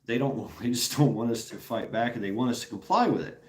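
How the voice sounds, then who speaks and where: A man chats loosely with his viewers, drifting from point to point and dropping curse words as he goes. He laughs between thoughts, and his voice is neither high nor low. The recording picks up a noticeable room echo around him. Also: a little fast, a little mellow, slight background noise. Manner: rambling, profane, laughs often. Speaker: streamer host. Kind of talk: casual chat with viewers.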